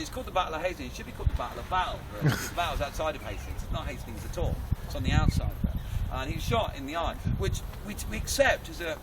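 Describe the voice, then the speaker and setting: A man performing a loud, jokey live history show as a castle archer, teasing the audience. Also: fairly high pitch. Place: outdoors at a castle. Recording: windy outdoor crowd noise. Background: crowd and wind.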